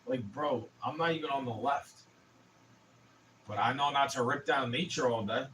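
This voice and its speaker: A man's voice: medium pitch, moderate pace, fairly bright tone, slight background noise. Ranting young man, distant mic. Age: 20s. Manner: profane, heated ranting. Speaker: streamer. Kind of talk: casual livestream rant.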